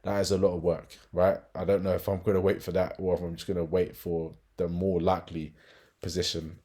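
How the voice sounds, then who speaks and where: A man's voice: sits low, level tone, fairly quick, dark tone. A man giving a casual market analysis walkthrough as a trading educator, chatty, with frequent tag questions and fillers.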